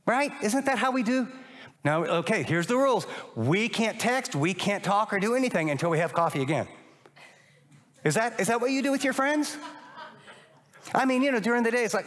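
An older man preaching a sermon as a pastor, animated and acting out little dialogues. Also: high voice, fairly quick, pauses often. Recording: long reverb of a large hall.

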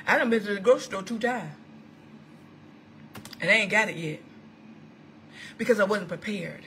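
A woman prophetess preaching an impassioned online sermon into a computer microphone. She is fervent and exclamatory, swinging between shouts and hushed asides. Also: medium pitch, fast, long pauses, slight background noise.

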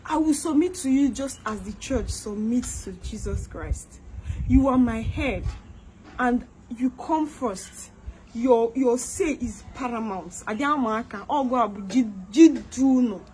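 A young Nigerian woman with an Igbo-inflected accent speaks a little slowly in a mellow, fairly high voice, with a slight hiss or hum behind her. In her comedic skit monologue she begs and pleads, echoes her own words, and blends English with Igbo.

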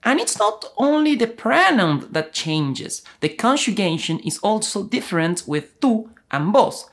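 A woman from Argentina with an Argentinian accent, teaching a language lesson and explaining clearly with Spanish examples. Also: medium pitch, sing-song, a little slow.

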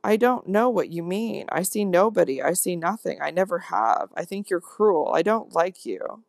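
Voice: medium pitch, expressive, normal speed, vocal fry, dry recording. A reader voicing a hard, sullen little girl who speaks in cold, curt, petulant phrases. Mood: cold sulky.

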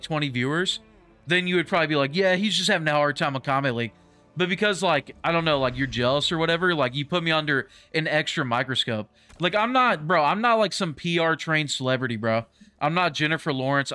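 A man's voice: fairly high pitch, bright, forceful tone. A young man streaming a fighting game, chatting casually in a loose, slangy way full of fillers, with game music behind him. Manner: slangy and loose, heavy on "like" and "bro". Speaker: gaming streamer. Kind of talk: casual live stream chat while playing.

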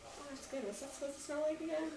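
A woman's voice: high voice, level tone, fast talker. A young woman chatting casually in a rambling, giggly way as she shows off a shopping haul. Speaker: vlogger. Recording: echoey room from far off with noise.

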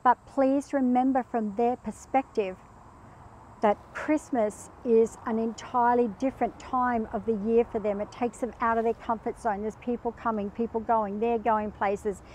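A woman with a fairly high-pitched voice giving casual advice about pets. She tells her stories in an animated way and acts out each quote in it. Her talk is loose and chatty, full of asides. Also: moderate pace, slight background noise, rough recording. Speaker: pet behaviour guest. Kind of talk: casual chat with anecdotes.

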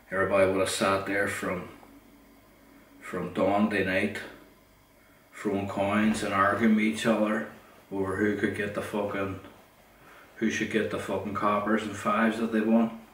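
Blunt, low-voiced Derry man rambling. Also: fairly bright tone. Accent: Northern Irish, Derry. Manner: blunt, swears a lot, repeats himself. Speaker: podcast host. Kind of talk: rambling storytelling monologue. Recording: roomy, distant, faint noise.

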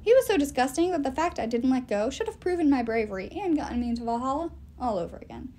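Expressive woman reading a novel aloud. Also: high-pitched, quick pace. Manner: expressive first-person narration. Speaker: audiobook reader.

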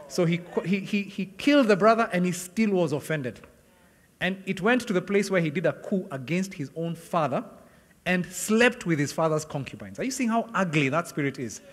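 A middle-aged man, a pastor, preaching a sermon and telling a story from his own life, acting out the dialogue and laughing often. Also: on the high side. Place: large hall with long reverb. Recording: long hall reverb from a church sanctuary.

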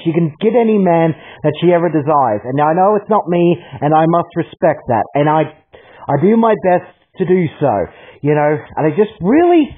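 A man's voice: a little high, husky. A man in a heated, swearing rant aimed at others, repeating 'bloody well'. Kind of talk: angry rant addressed to others. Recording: tinny phone-like audio.

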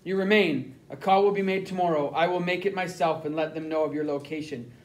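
A man voicing a middle-aged German spy who speaks quietly in stiff, formal phrases. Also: fairly high pitch, steady tone, fairly quick, natural voice. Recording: roomy echo.

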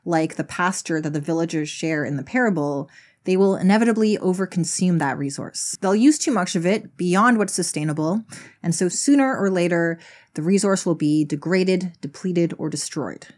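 A woman's voice: lowish voice, moderate pace, a little mellow. Wry woman narrating a video essay. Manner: wry, conversational storytelling. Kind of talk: scripted explanatory narration.

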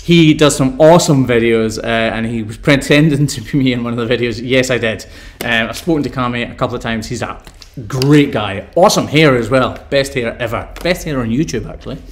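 A man's voice: mid-range voice, brisk, a little hiss or hum. A Scottish man hosting a live stream, reading out viewer questions and answering them in an upbeat, chatty way. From Scotland.

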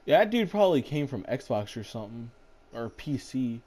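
A man's voice: mid-range voice, big pitch swings, normal speed, dark tone. A man hosting casual gameplay chat, rambling in a laid-back way and swearing casually. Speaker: gaming channel host.

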